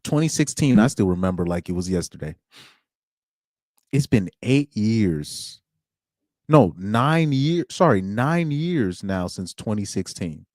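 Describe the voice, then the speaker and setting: A man's voice: lowish voice, sing-song, unhurried, darkish tone, no echo, studio quality. A young man streaming alone, chatting casually in slang, rambling and laughing as he goes. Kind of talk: casual chat.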